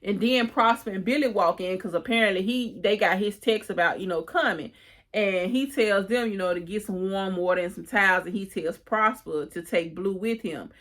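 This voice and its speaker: A woman's voice: medium pitch, moderate pace, fairly bright tone. A woman casually recapping and reviewing a TV episode, retelling the scenes by quoting the characters, with chatty fillers and restarts.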